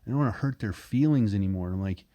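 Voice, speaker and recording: A young man hosts a casual interview, his voice sitting low and mellow. He talks candidly and loosely, circling back on his thoughts and swearing without a second thought. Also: racing. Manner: candid, rambling, swears freely. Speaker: podcast host.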